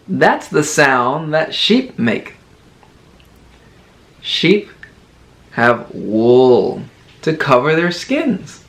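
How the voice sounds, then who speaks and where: A man teaching toddlers in a children's educational video, talking in a slow, exaggerated, encouraging sing-song and playfully imitating animal sounds. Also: on the high side, sing-song, a bit bright. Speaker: teacher and kids' entertainer.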